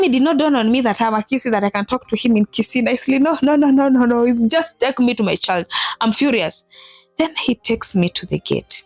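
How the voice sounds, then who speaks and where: A woman in her thirties tells a personal vlog story in an animated way, acting out what people said with big jumps in her voice. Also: no echo. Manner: animated, acts out quotes with big pitch jumps. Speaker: vlogger telling a personal story. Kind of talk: emotional storytelling to camera.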